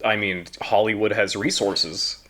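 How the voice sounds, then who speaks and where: American guy, young, podcast co-host; relaxed, joking, lowish voice. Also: a little slow. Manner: relaxed, joking, mock impressions of characters. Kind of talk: casual chat.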